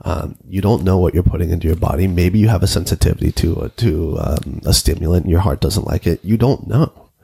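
A man's voice: deep voice, fairly quick, gravelly, few pauses, mellow, husky. A man hosting a casual conversation, telling a rambling, anecdotal story. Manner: rambling, anecdotal, many fillers.

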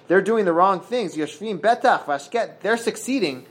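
Reading and translating Hebrew and Aramaic from a Talmud page, this man teaches a casual daf study session. His high, husky voice is expressive, and he stumbles along with frequent fillers and restarts.

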